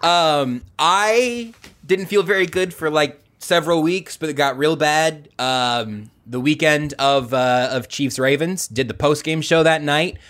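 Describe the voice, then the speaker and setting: A man's voice: a little high, unhurried, a bit bright. A male podcast host chatting casually over a video call, rambling with fillers and self-deprecating jokes.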